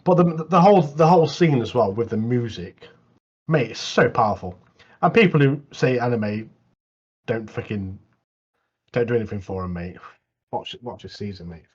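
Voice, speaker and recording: Husky man on a dull mic. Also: medium pitch, normal speed, pauses often. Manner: animated, repeats mate a lot. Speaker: podcast co-host. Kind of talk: casual chat.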